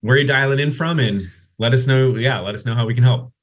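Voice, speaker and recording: A man hosting a casual software Q&A webinar over a video call, chatty and loose. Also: mid-range voice, fast. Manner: chatty, many restarts and "like"s. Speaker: host of software Q&A. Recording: dull lo-fi call audio.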